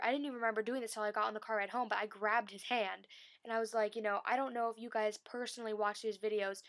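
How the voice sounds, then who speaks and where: A young woman tells a long story to her camera, tumbling through it with fillers and restarts. Her pitch sits in the middle range. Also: a bit bright. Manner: breathless, rambling, many fillers. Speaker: vlogger. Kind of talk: excited storytelling vlog.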